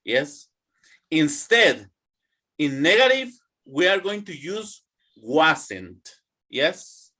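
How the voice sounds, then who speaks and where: Man, teaching English, slow deliberate pace, expressive pitch. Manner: slow, drawn-out teaching with repeat-after-me drills. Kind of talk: online classroom lesson.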